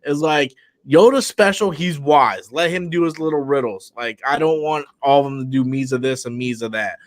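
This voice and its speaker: A man chatting casually as co-host of a live stream, animated and swearing freely, with quick restarts. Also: mid-range voice.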